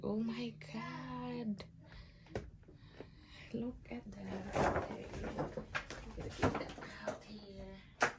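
A giddy young woman chats through a home unboxing, slow and unhurried, her voice gravelly with fry. She gushes, giggles and slips into awed whispers. The home video carries clear background noise. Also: mid-range voice. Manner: gushing, giggly, drops to whispers in awe. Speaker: vlogger unboxing a gift. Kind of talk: excited casual unboxing chat.

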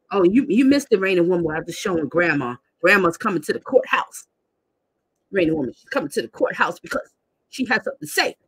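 A woman's voice: fairly low pitch, husky, no echo. A woman hosting a live commentary stream, talking straight to her viewers in an indignant, lecturing way and reading out their comments.

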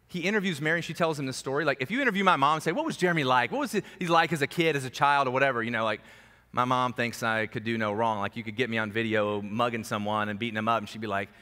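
Animated man preaching in an echoey hall. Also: medium pitch, racing. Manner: conversational, animated storytelling with dramatic soft drops. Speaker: pastor. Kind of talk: sermon.

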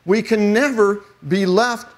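A man's voice: high-pitched, fairly even intonation, a little slow. A middle-aged man preaching a sermon as pastor, emphatic, with wry asides.

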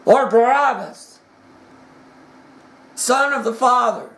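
A man preaching a dramatic sermon, retelling the story with passion and swinging from hushed tones to shouting. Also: extremely high pitch, animated, slow pace, pauses often. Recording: echoey room.

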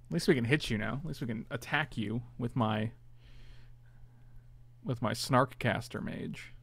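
A man's voice: mid-range voice, expressive, normal speed, gravelly, long pauses, a bit bright, no echo. A man casually commentating his own online card game, chatty and self-mocking, groaning at his bad draws.

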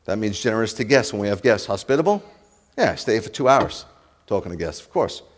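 Brief: New rabbi, lively and jokey sermon delivery, talks right at the congregation. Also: male voice, fairly low pitch, brisk. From New York. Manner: animated, joking, addresses the congregation directly.

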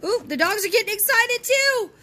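Over some background noise, a very high, animated female voice talks at normal speed. She's a Texan who hosts a scratch-off lottery channel from home, dogs nearby, cheerfully chatting with viewers and chanting encouragement as she scratches.

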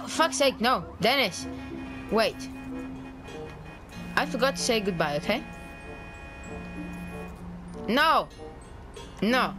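A young woman commentates her gameplay in a high, unhurried voice. She keeps swearing at a friend in frustration. Faint game music plays behind her. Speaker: gaming YouTuber.

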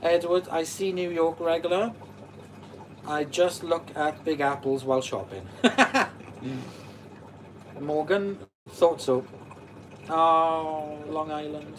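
A man's voice: on the high side, takes it slowly, pauses often, fairly bright tone, a little hiss or hum. Chatty Welsh man in his forties. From Wales. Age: 40s. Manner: chatty, reads out and answers comments. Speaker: channel host. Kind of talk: live stream chat, reading viewer comments aloud.

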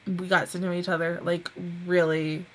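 A woman's voice: lowish voice, flat delivery, normal speed, slight background noise, poor audio. A young woman hosting an anime reaction review, talking in a rambling, emotional way and swearing freely.

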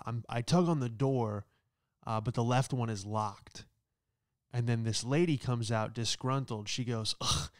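Sarcastic comedian guy ranting, clear smooth voice, totally dry no room. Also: mid-range voice, no room sound. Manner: sarcastic, rambling, says "all right?" often. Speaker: comedian host. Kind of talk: stand-up comedy monologue.

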